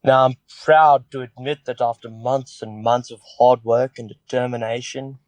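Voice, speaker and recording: Brief: South African man, voice message, mock-solemn delivery with pauses, dry close sound. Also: mid-range voice, steady tone, a little mellow, no room sound. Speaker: listener submission. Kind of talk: recorded voice message.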